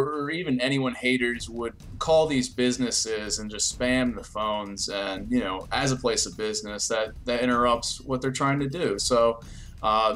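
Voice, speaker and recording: A young man answering interview questions casually, telling stories with many fillers and restarts. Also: mid-range voice. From New Jersey, US. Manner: relaxed storytelling, frequent fillers and restarts. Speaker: interview guest, YouTube creator.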